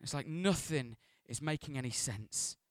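A man preaching a sermon as pastor, animated, dropping to hushed asides and rising to loud, playful bursts. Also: medium pitch, moderate pace, dry recording, clean studio sound.

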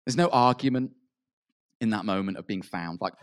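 A man preaching a sermon in an earnest way. He rises to emphatic peaks, then drops soft, and acts out quoted prayers. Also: low voice, lively intonation, brisk.

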